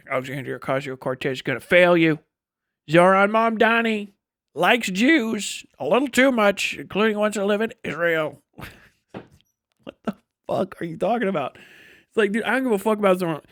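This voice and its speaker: A man's voice: on the high side, fairly bright tone, dry recording, clean studio sound. A man from Wisconsin, ranting bluntly and swearing as a live streamer. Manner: blunt, sweary, laughs mid-sentence. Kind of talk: casual profane rant reacting to a video.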